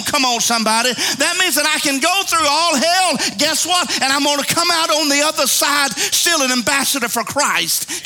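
A middle-aged man preaching a fiery sermon. He talks in a folksy, plain-spoken way, calls out to the congregation for responses, and swings from shouts to hushed pleas. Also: extremely high pitch.

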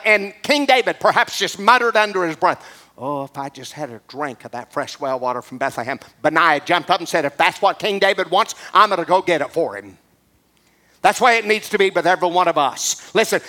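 A man preaching a sermon as pastor, impassioned and building up to shouts. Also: sits high.

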